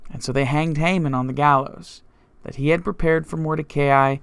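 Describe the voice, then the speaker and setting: A male pastor retelling scripture as a story, full of restarts and filler words. His voice sits a bit high for a man, smooth and resonant with a gravelly fry, recorded close and dry. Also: steady tone, normal speed, a bit bright, no echo. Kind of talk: Bible study teaching.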